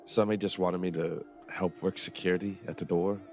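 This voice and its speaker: Low, gravelly man swapping roleplay stories. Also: fairly even intonation, a little fast, faint music behind. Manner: laid-back, profane anecdote telling. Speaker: roleplayer in a western game. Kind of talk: in-character roleplay chat.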